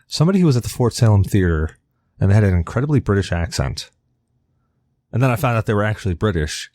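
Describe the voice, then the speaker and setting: A man's voice: fairly low pitch, very animated, fast, a little mellow, dry recording. A man co-hosting a podcast in rambling, casual chat, swearing now and then, from the New York area. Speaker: podcast co-host.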